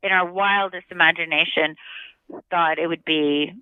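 A woman's voice: on the low side, normal speed, smooth, no echo. Chatty middle-aged woman on a tinny line. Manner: animated, acts out other people's lines. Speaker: guest actress. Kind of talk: podcast interview storytelling.

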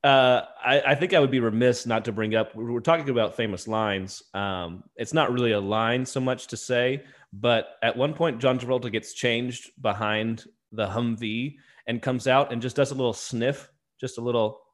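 A man's voice: medium pitch, normal speed, few pauses. A man co-hosting a podcast, chatting casually and wryly about a movie. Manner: wry, amused, rambling. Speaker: podcast co-host.

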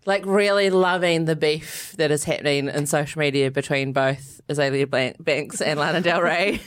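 A woman's voice: sits low, moderate pace. A woman co-hosting a podcast, chatting casually and laughing often as she tells a story. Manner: chatty, laughs often, animated when amused. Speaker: podcast co-host. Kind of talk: casual chat.

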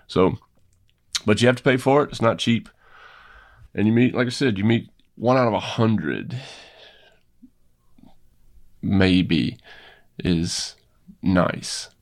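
A man with a Southern US accent and a deep, rumbling voice, chatting bluntly and plainly as a podcast guest. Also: animated, slow, pauses often. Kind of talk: casual chat.

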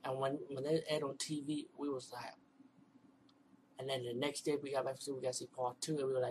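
A man's voice: medium pitch, flat delivery, fairly quick, a little mellow, slight background noise, low-quality recording. A man casually reviewing a movie at home, rambling with many fillers, restarts and stumbles. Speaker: video reviewer.

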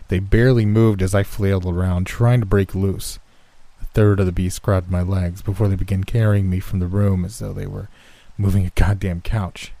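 A man narrating a first-person horror story in a steady, scripted storytelling manner. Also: low voice, no room sound.

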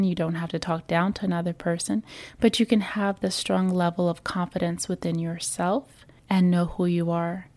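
A woman's voice: medium pitch, warm tone. A woman giving casual self-development advice straight to her viewers, earnest and conversational, now and then acting out what other people say. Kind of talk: casual advice talk to camera.

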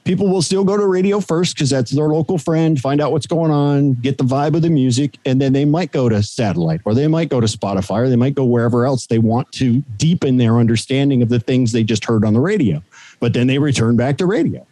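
A man with a dark, mellow voice recalls his radio days in a relaxed, storytelling way. The sound is dry and close, with no room around it. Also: mid-range voice, a little fast, no room sound. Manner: storytelling, animated anecdotes. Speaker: radio broadcaster guest. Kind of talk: casual interview chat.

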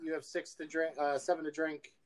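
A man hosting a podcast in casual chat, laid-back and pausing often with ums. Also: a little high, little pitch movement. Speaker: podcast host.

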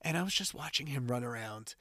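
A man's voice: mid-range voice, lively intonation, brisk, pushed and bright, dry recording, studio quality. A man hosting a podcast, telling personal stories in a chatty, casual way with lots of fillers. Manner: chatty storytelling with many fillers. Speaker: podcast host.

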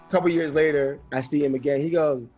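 A man's voice: on the high side, steady tone, normal speed, a little mellow, lo-fi sound, faint music behind. A man, a comedian guest, telling anecdotes in a laid-back way and laughing often. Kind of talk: casual podcast chat.

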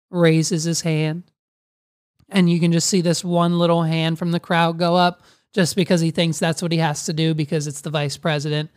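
Rambling, crude woman commentator. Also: on the low side. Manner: rambling, crude, full of likes. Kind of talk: casual comedic commentary.

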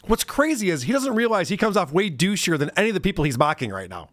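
A man's voice: high voice, sing-song, fast talker, a bit bright, dry recording. A man co-hosting a podcast, chatting casually and mockingly about video clips, laughing often. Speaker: podcast co-host.

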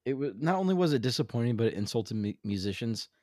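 A man co-hosting a casual podcast, reading dad jokes aloud in a halting, wry way. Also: mid-range voice, animated, darkish tone, no echo, clean studio sound. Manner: halting, self-interrupting, wry. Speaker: podcast co-host.

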